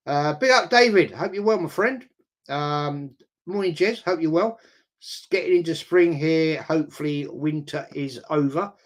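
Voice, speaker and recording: A middle-aged man, hosting a casual football chat and reading out viewer comments in a rambling, chatty way. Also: fairly high pitch.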